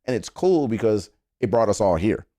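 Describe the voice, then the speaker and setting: A man's voice: on the low side, animated, moderate pace, warm tone, no echo, studio quality. A man hosting a music reaction live stream, talking earnestly to his chat, rambling with stammered restarts and casual swearing.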